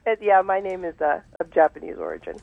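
A woman's voice: lowish voice, big pitch swings, fast talker, gravelly, no echo. A woman calling in to a radio show, polite and a little hesitant as she asks her question. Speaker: caller. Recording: phone line.

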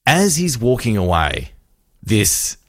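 A man's voice: fairly low pitch, slow pace, dry recording, studio quality. A young adult man, a radio host telling a story in casual banter and acting out the quotes. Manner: animated storyteller, acts out quotes.

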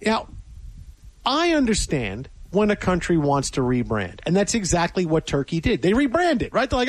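A male radio host riffing in casual studio banter. His voice sits high and swings widely in pitch. The studio sound is close and dry. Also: moderate pace, no room sound. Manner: animated, jokey, rambling. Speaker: radio sports talk host. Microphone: studio mic.

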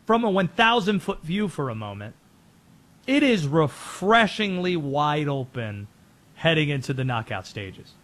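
A man hosting a sports show, giving rapid-fire, opinionated commentary on football and soccer. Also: a little high, a bit bright.

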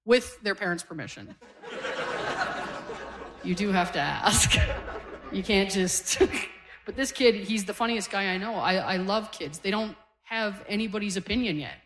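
A woman's voice: mid-range voice, a little slow, long pauses, a bit bright. Canadian-born woman in her forties, stand-up. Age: 40s. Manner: conversational, self-deprecating storytelling. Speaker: stand-up comedian. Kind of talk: stand-up comedy set. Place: comedy stage before a live audience.

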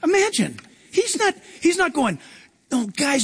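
A man preaching a sermon as pastor, animated and acting out quoted lines, sometimes shouting them. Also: very high-pitched, measured pace.

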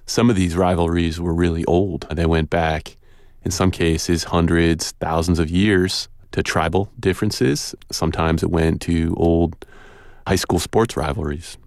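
A man telling a personal story in a relaxed, conversational way, with casual fillers and pauses. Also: low voice, no echo. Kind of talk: personal story told aloud. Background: guitar music.

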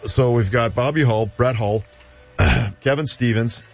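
A man's voice: mid-range voice, measured pace, gravelly. Man, ex-hockey player, casual storytelling, fillers, muffled recording, faint music behind. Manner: storytelling, many fillers and restarts. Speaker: former hockey player, panel guest. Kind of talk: casual sports chat.

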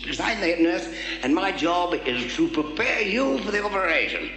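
A man's voice: sits high, very animated, normal speed, pushed and bright, faint music behind, heavily acted. A man voicing a fussy female head nurse who coos "darling" at her patient and stammers when she gets embarrassed. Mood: coy. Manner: sweet-talking, flustered, stammering. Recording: roomy reverberant recording.

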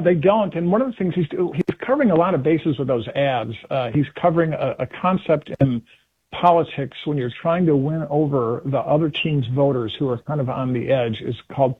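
Male political commentator calling in, husky voice, tinny phone line, animated and chatty. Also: on the high side, no echo. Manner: animated, acts out quotes in put-on voices. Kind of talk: casual political talk on radio. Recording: phone-line call-in audio.

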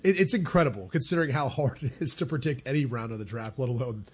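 A man's voice: medium pitch, fast, breathy edge. A man co-hosting a sports podcast, earnest and a bit defensive in casual chat. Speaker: podcast co-host.

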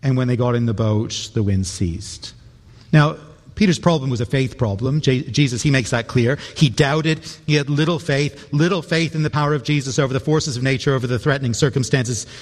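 A man's voice: medium pitch, a little fast. A male pastor delivering a sermon, earnest and plain, sometimes stumbling over repeated words. His voice sits in the middle range. It rings with the long reverb of a large hall.

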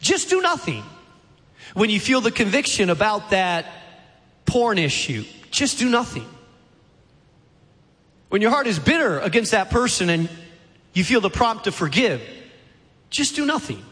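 A man's voice: high voice, very animated, a little slow, long pauses, fairly bright tone. A man preaching a sermon, emphatic and repetitive, with rhetorical questions and repeated refrains. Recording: long hall reverb.

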